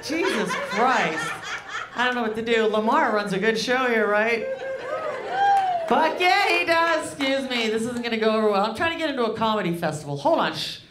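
A woman's voice: on the high side, lively intonation, normal speed, heavy background noise. Rambling crude woman doing stand-up. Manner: loose, rambling, crude and self-mocking. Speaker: stand-up comedian. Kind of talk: stand-up comedy set. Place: comedy club stage. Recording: live club set with audience laughter.

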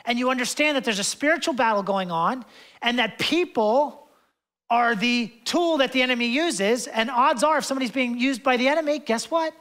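Passionate, chatty young pastor preaching. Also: male voice, extremely high pitch, normal speed. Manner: conversational preaching with fillers and asides; passionate, swings between loud and hushed. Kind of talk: sermon.

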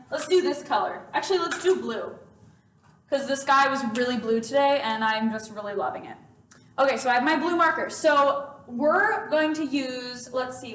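A woman's voice: sits high, a bit bright. A woman music teacher giving a children's music lesson in a patient, encouraging way. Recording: echoey room, mic at a distance.

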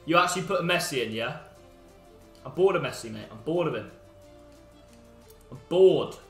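A young man live-streaming a football video game, bantering with his chat, teasing viewers and breaking into sudden shouts. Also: a little high, lively intonation, moderate pace, echoey room, faint music behind.

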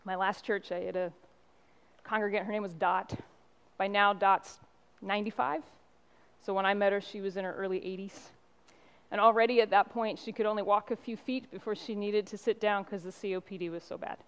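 A middle-aged woman pastor giving a sermon, telling stories and driving points home with emphatic pauses. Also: mid-range voice, fairly even intonation, clean tone. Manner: impassioned preaching with storytelling and emphatic pauses.

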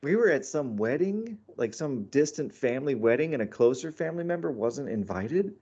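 A middle-aged American man talks through a casual interview, spinning animated stories full of "like" and "you know." His voice sits at a middle pitch. The recording sounds a little muffled and dull. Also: moderate pace, husky. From United States. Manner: animated storyteller, many fillers and restarts. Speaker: author and comedian guest.

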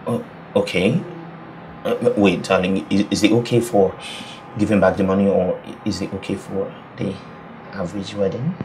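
A man's voice: low voice, fairly even intonation, moderate pace, darkish tone, natural voice. A young man with a Nigerian accent, playing an earnest groom-to-be who stammers and repeats his words. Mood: overjoyed. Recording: noisy background hum.

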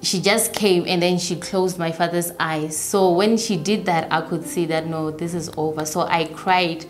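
A young woman recounts her own story in an interview, her voice sitting a little low. She talks in halting bursts, often repeating phrases. Faint music plays underneath. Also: fairly even intonation. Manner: halting, repeats herself, voices others' words softly. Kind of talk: personal storytelling.

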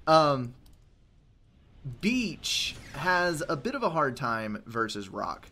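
A man's voice: mid-range voice, sing-song, slow, bright, forceful tone, slight background noise. A man giving casual gameplay commentary, explaining positions in a dry, slightly sarcastic way. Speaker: game commentator.

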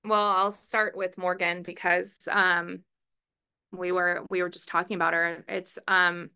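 A woman softball head coach answering reporters at a press conference, chatty, with many fillers and restarts. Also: on the low side, level tone, a little slow, clear, resonant tone. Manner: calls herself a verbal, loud coach. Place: press room.

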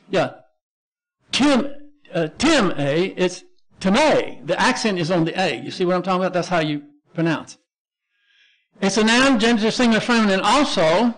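A man with a high, slightly bright voice and a Texan accent leads a Bible lesson as pastor. He goes word by word through Greek terms, spelling them out letter by letter with many restarts.

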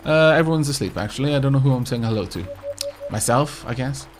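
A man's voice: medium pitch, animated, fast, a little hiss or hum. A man hosting a casual let's play, chatting as he goes in a self-mocking way and stammering as he restarts his sentences. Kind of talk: casual gameplay commentary.

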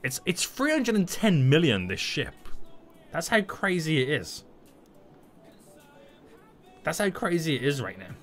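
A man giving playful, excitable live gameplay commentary and chatting with his viewers. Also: on the high side, unhurried, pauses often, faint music behind. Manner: excitable and playful, hums and exclaims. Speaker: gaming streamer.

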